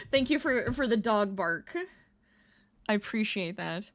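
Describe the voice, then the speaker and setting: A woman's voice: medium pitch, animated, a little slow. A woman crafting live on stream, chatting casually with her viewers, greeting them and laughing often. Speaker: crafting livestreamer.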